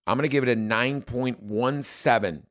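A man's voice: medium pitch, normal speed, fairly bright tone. A man in his forties co-hosting a podcast, chatting casually in a blunt, opinionated, rambling way. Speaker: podcast co-host. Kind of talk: casual chat.

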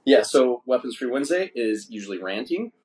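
A man's voice: mid-range voice, lively intonation, a little fast, a little mellow. A man hosting a casual podcast chat, rambling and swearing freely. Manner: profane, rambling, laid-back. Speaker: podcast host. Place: indoors, drinking wine.

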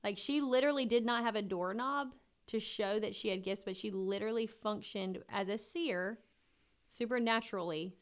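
A woman co-hosting a casual faith chat, talking in an emotional, gushing way. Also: medium pitch. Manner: emotional, gushing, tearful at times.

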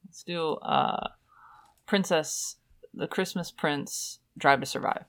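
A woman's voice: low voice, slow pace, gravelly, fairly bright tone. A woman co-hosting a podcast in casual chat, wry and talkative. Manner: chatty, wry, many "like" fillers. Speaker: podcast co-host.

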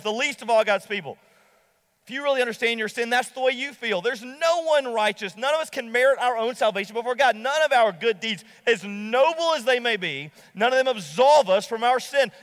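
A pastor preaching a sermon to a congregation, emphatic and slowing down to stress key lines. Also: male voice, extremely high pitch, fairly bright tone, big-room sound.

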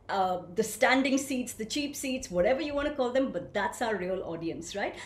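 A woman leading an online voice workshop, telling stage stories and reading out participants' comments in an animated, engaging way. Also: a little high. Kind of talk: interactive webinar talk. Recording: echoey room with faint ambient noise.

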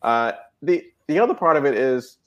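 A man's voice: mid-range voice, sing-song, normal speed, fairly bright tone, muffled recording. A man talking as a guest expert in a conversational interview, explaining patiently and often checking in with "right?" and "you know". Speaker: guest expert on technology habits.

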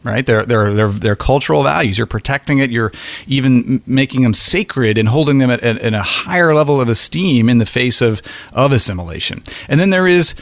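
A man speaks in a candid, searching way and keeps restarting his sentences as he works out what he thinks. His voice sits at an ordinary middle pitch. The sound is dry and close, with no room echo. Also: lively intonation. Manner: halting, restarts often, thinks aloud. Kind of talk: candid conversational discussion.

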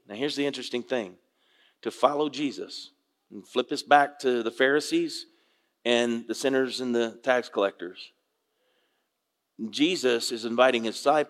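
Older male pastor, folksy, animated sermon storyteller, medium pitch, long church reverb. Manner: animated storytelling, acts out quoted voices, folksy. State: tearful at moments.

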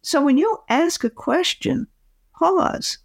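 A woman, a communication coach, giving advice as a podcast guest in an expressive, demonstrative way. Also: on the low side, normal speed, dry recording, clean studio sound. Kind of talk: podcast interview.

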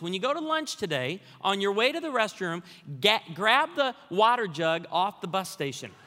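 In a long hall full of echo, a man with a ringing, high-pitched voice addresses a congregation as a pastor would. He mixes lighthearted anecdotes into his sermon and rises to energetic calls to action.

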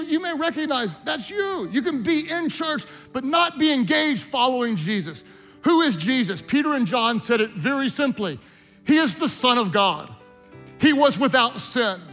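A man preaching as a pastor, leading a prayer and an altar call in an impassioned, urging way, from a large church hall. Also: very high voice. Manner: impassioned, urging, builds from soft prayer to loud exhortation. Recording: large echoing hall with faint music.

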